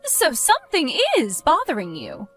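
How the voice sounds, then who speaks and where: A woman voicing a caring mother who gently coaxes and worries over her teenage son. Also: high voice, huge pitch swings, normal speed, soft background music, heavily acted. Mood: concerned. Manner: gentle, coaxing, concerned.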